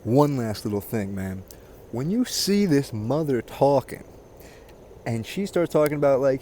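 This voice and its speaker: A man's voice: mid-range voice, animated, a little slow. A man vlogging outdoors near water, ranting casually, crude and mocking, swearing constantly. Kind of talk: casual profane rant to camera.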